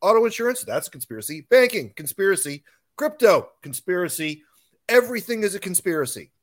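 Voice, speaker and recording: A man with a fairly high voice co-hosts a casual podcast chat. He talks emphatically, often with a sarcastic edge. His delivery sounds fired up. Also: big pitch swings, brisk. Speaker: podcast co-host.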